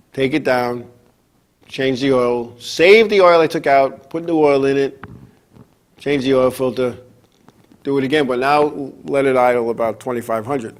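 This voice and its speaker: A man at a middle pitch tells a long racing story as host of his show. He rambles, restarts sentences and keeps his delivery animated and casual.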